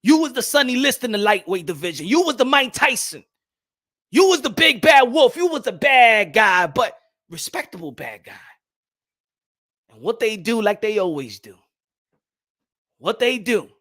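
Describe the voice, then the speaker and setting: A young man hosting a boxing talk show and ranting loudly, repeating himself, with sudden swings from shouting to low muttering. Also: big pitch swings, normal speed, long pauses. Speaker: boxing commentary host. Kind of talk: animated opinion rant.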